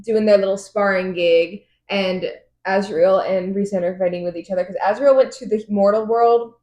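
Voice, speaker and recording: A woman's voice: mid-range voice, fairly even intonation, a little mellow. Chatty woman on a book podcast, giggly and sweary, echoey room. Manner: giggly, swearing, retelling scenes in quick voices. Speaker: podcast co-host. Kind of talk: casual book chat recap.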